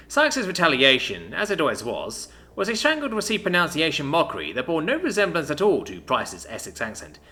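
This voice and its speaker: A man narrating a story aloud, voicing every character himself and shifting pitch for their lines. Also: wildly swooping pitch, quick pace. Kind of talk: scripted narration. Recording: soft music behind.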